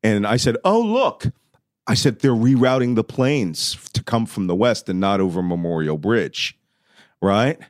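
A middle-aged man telling a vivid personal story, shouting when he acts out moments. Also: fairly low pitch, normal speed, dry recording, clean studio sound. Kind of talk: animated storytelling.

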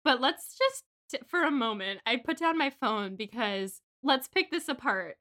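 Young woman co-host, casual book chat, gushing and animated, bright tone. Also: sits high, normal speed. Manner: animated, gushing, tells the plot in a rush. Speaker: podcast co-host.

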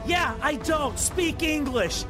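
A man playing a tabletop role-playing game, cracking quick jokes in character. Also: very high voice, over loud music. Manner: jokey, quick comebacks. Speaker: player. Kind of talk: tabletop role-play banter.

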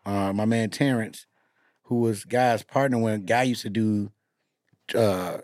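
A man hosting a podcast, telling animated, profane stories in casual chat. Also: lowish voice, takes it slowly, no room sound, clean studio sound. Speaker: podcast host and comedian.

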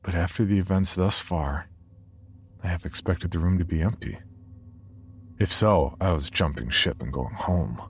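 A man narrating a first-person horror story in a measured, tense way. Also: deep voice, breathy edge. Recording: faint music underneath.

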